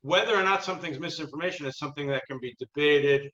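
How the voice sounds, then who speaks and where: A man's voice: a little high, bright, forceful tone. Lawyerly male host in an echoey room. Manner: measured, lawyerly. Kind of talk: casual panel talk. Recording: echoey, dull-sounding room.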